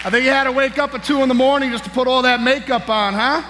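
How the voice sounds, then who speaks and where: A man giving a hyped-up motivational speech as a conference speaker on stage, shouting and peppering his lines with "man" and "baby". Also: extremely high pitch, steady tone, quick pace, some chatter behind. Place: large conference hall on stage. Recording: echoey hall, faint noise.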